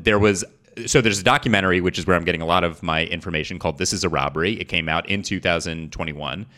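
A young man co-hosting a podcast, relaxed and explanatory as he tells the story, correcting himself along the way. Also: deep voice. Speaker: podcast co-host presenting the story. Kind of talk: casual storytelling chat.

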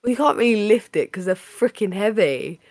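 A woman hosting a casual podcast, chatty and playful, her voice a little raspy today. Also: mid-range voice, lively intonation, brisk, a little mellow, no room sound, clean studio sound. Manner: chatty, playful, laughs often. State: slightly raspy voice. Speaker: podcast host.

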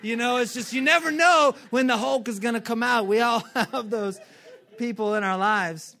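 A male pastor giving a lively, joking sermon and acting out quick character voices. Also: very high-pitched, raised voice.

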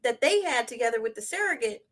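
High-voiced, animated young woman. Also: fast. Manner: animated, slangy, laughs often. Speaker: podcast co-host. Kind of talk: casual gossip chat.

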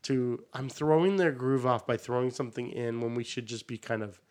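Male teacher co-host, animated storyteller, mid pitch, casual chat. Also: fairly quick. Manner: animated storyteller, acts out what students say.

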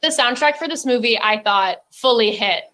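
A woman's voice: on the high side, lively intonation, moderate pace, fairly bright tone. A woman chatting with friends, giving frank, half-joking opinions. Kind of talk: casual group chat.

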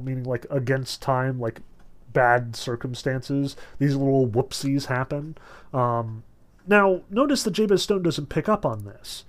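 A man's voice: mid-range voice, animated, measured pace. A man lecturing on literature in a conversational, analytical way, with many fillers. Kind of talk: recorded lecture.

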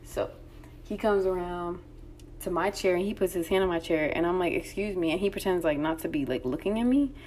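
A young woman telling a story in a casual, profane chat, blunt and animated, acting out the exchanges with lots of fillers. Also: on the low side, fairly quick, a little hiss or hum.

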